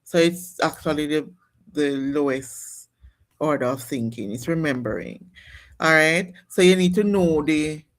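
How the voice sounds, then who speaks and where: A woman's voice: low-pitched, a little slow. A woman teaching a nursing class in a classroom, explaining step by step with restarts and calling on students. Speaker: nursing instructor. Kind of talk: classroom lecture on exam questions.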